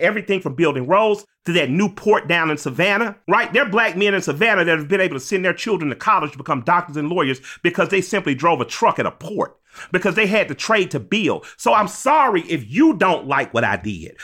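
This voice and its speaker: A man's voice: sits high, sharp tone. A man from Georgia, speaking as a podcast guest in a blunt, emphatic, sometimes profane way. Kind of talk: impassioned conversation.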